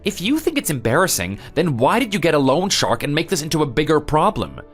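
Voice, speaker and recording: A man's voice: on the high side, very animated, fairly quick, soft background music. A man voicing a defensive, exasperated husband and son.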